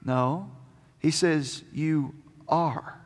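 Male pastor, high voice, emphatic sermon delivery, long hall reverb. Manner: emphatic, slows down on key words.

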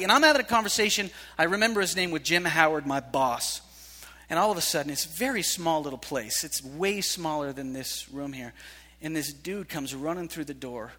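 A man preaching a sermon to young people, telling stories in an animated way that swings from hushed to shouting. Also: on the high side, brisk. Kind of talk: sermon to youth. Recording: live hall reverb.

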